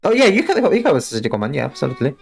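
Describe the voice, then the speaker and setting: A woman's voice: low voice, big pitch swings, very fast, vocal fry, soft background music. A young woman streamer chatting casually to her viewers while playing a game. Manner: chatty, talks to chat.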